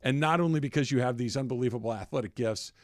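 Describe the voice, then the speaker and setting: A man's voice: mid-range voice, fast talker, no room sound, studio quality. A man hosting a sports talk radio show, chatting casually and reading out daily trivia. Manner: chatty, reads daily trivia, rambles with restarts.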